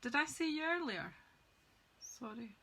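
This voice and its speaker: A woman's voice: high voice, expressive, a little slow, bright, forceful tone, low-quality recording. A woman chatting casually as she demonstrates card-making on a live stream, greeting viewers by name as she works. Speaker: craft demonstrator. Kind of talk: live-streamed craft demo chat.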